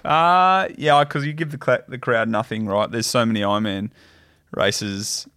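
A man, a guest on a podcast, explaining in a relaxed, casual way. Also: medium pitch, moderate pace, dry recording, clean studio sound. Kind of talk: casual chat.

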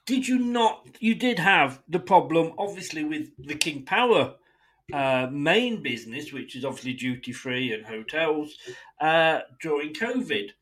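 Man, podcast host, solo rant, indignant, swearing, high-pitched, very lively delivery. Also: a little slow, rough recording. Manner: indignant, sweary, speaks straight at the club owners. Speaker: football fan podcast host.

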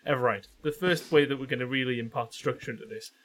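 A man's voice: medium pitch, fast, crowd noise. A man with a nasal Geordie accent chatting on a podcast and reading aloud, self-deprecating and swearing when he stumbles over words. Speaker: podcast co-host. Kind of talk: casual chat with stumbling read-aloud.

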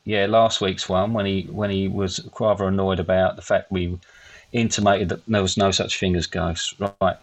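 A middle-aged man co-hosting a comedy podcast with his son, reading listener letters in a dry, deadpan, self-mocking way. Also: deep voice, normal speed. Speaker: podcast co-host, father of co-host. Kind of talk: casual comedy podcast chat.

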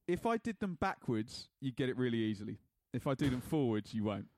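A man's voice: mid-range voice, very animated, brisk, a little mellow, dry recording. A man co-hosting a podcast in casual chat, jokey and laughing often as he reads out listener messages. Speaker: podcast co-host.

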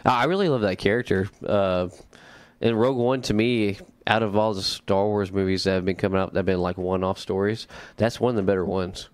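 A man's voice: fairly low pitch, steady tone, a little fast, smooth, no room sound. A man co-hosting a podcast in casual chat, easygoing and full of fillers. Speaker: podcast co-host.

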